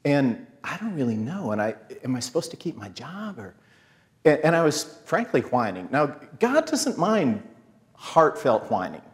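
A man's voice: fairly high pitch, big pitch swings, moderate pace. A man telling a rambling, self-mocking story as a sermon, acting out the quotes in his story. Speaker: preacher. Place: church hall with audience. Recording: long hall reverb.

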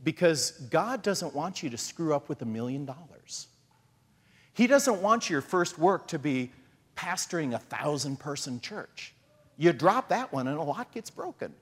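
Animated husky preacher in a reverberant hall. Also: male voice, a little high. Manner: conversational, animated, acts out voices of God and Jesus. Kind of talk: sermon.

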